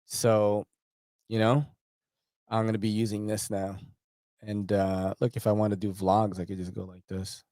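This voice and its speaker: A man's voice: on the low side, little pitch movement, moderate pace, long pauses, mellow, dry recording, studio quality. A man vlogging about knives in a rambling casual chat, full of slang and frequent swearing. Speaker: knife vlogger.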